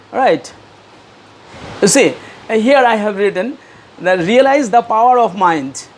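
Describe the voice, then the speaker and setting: A man's voice: high voice, slight background noise. A middle-aged man, interviewed as an author, answers earnestly and hesitantly with many fillers and repeats, and reads aloud from his book.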